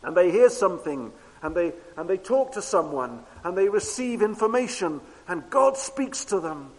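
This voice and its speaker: A man preaching a sermon with emphatic repetition, moving between loud declarations and hushed low tones. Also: sing-song, normal speed. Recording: long hall reverb.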